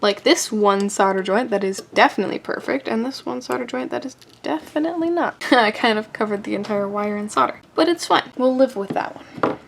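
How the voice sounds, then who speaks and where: A woman with a somewhat high voice and a gravelly edge narrates a hands-on kit build in a casual way. She jokes at her own expense, laughs easily, and often slips into a soft whisper while she concentrates. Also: a little fast, few pauses, a little hiss or hum. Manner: playful and self-joking, often laughing. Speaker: amateur radio hobbyist building a kit.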